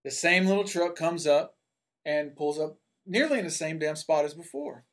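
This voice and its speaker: A man's voice: fairly high pitch, normal speed. A man from Tennessee telling a personal story in a casual, rambling way, full of asides. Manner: rambling, with many asides and fillers.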